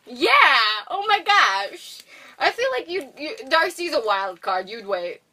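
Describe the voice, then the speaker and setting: A woman's voice: sits high, very animated, measured pace, bright, forceful tone. A young woman co-hosting a podcast, rambling and giggly as she recaps a film and acts out its characters' lines. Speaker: podcast co-host. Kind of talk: casual movie recap chat. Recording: voice from far off the mic.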